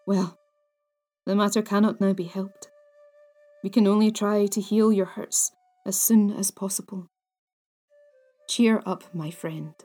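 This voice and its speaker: A woman voicing a kindly older priest who speaks slowly and earnestly, full of remorse. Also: medium pitch, warm tone, close to an everyday voice.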